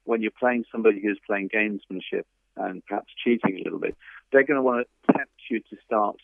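Guest author, male, very low gravelly voice, dry phone-line sound. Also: fairly quick, no echo. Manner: thoughtful, anecdotal, frequent fillers. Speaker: tennis author and coach, guest. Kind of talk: interview over a phone line.

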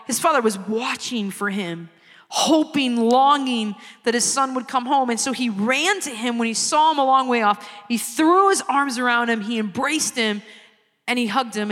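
A woman preaching an evangelistic sermon, earnest and pleading, stretching key words out slowly. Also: fairly high pitch, fairly bright tone. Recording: long hall reverb.

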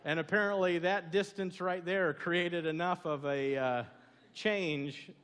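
A man's voice: high voice, fairly even intonation, unhurried, fairly bright tone, smooth. A man with a Southern American accent preaching a sermon as a pastor, telling stories and asking the congregation questions. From southern United States. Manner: storytelling, conversational, asks the congregation questions. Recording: long hall reverb.

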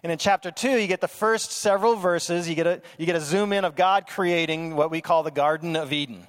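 Male pastor, high-pitched, lively conversational sermon, long hall reverb. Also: brisk. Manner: animated, conversational preaching with playful asides.

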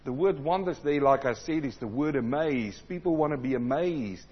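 A man preaching a sermon, swinging between loud emphatic passages and low, quiet asides. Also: expressive, normal speed, slightly rough, muffled recording.

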